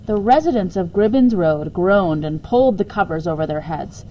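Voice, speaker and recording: A woman reading a children's chapter book aloud with expressive, dramatic storytelling. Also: lowish voice, normal speed, a little hiss or hum, rough recording.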